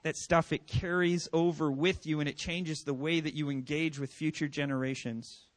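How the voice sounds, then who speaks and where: A male pastor in his forties delivers an earnest sermon in a fairly high voice, building to loud, emphatic passages. The sound is dry and close, with no room echo. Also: fairly even intonation, moderate pace.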